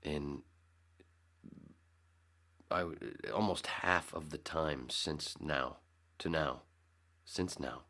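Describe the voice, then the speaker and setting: A man's voice: a bass voice, very slow, pauses often, pushed and bright. A man hosting his own podcast, rambling casually and sarcastically, swearing freely. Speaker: podcast host. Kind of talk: casual solo podcast talk.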